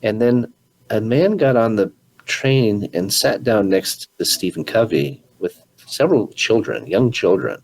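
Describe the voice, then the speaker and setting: A man's voice: fairly low pitch, animated, measured pace, darkish tone, low-quality recording. A man hosting an interview, earnestly retelling a story and sharing his own experience, often restarting his words. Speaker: podcast host. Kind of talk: conversational storytelling.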